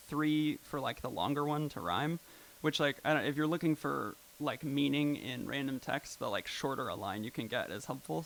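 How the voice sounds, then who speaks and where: Brief: man presenting at a live event, slightly high voice with gravelly fry, casual and filler-heavy, faint hiss behind. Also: fairly bright tone, rough recording. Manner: loose and chatty, many "like" and "um" fillers. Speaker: presenter at a live poetry and technology evening. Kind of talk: casual live talk explaining found poetry.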